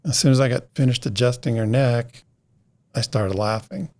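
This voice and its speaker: Gravelly middle-aged man telling a story. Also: medium pitch, normal speed, darkish tone. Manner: rambling, re-enacts conversations by quoting others. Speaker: podcast guest. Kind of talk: casual storytelling interview.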